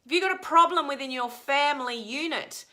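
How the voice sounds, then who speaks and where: A woman giving a live motivational coaching talk to her viewers, energetic and emphatic, acting out the complaints she quotes. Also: high-pitched, a little fast. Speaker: life coach.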